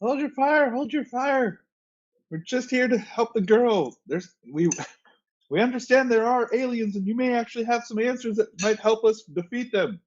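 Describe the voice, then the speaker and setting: A man with a high voice playing a tabletop game, calling out earnestly in character. His audio is dull and muffled, like a cheap mic coming through voice chat. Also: moderate pace. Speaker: player.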